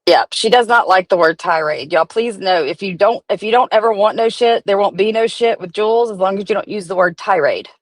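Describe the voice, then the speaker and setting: A woman's voice: medium pitch, brisk, few pauses, no room sound, low-quality recording. A woman hosting a profane, chatty commentary stream. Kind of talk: casual gossip commentary.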